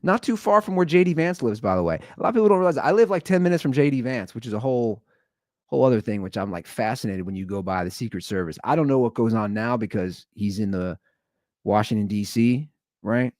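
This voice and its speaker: A man in his thirties hosting a casual solo podcast from home, talking in a rambling way that swings from loud bursts to low asides. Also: expressive, fast, dry recording, clean studio sound. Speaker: podcast host.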